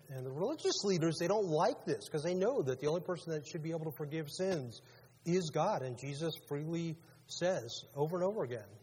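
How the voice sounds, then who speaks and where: Man, pastor, sermon, husky, slightly high voice, talks with the congregation, long hall reverb. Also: a little mellow. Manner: conversational preaching, asks the congregation questions.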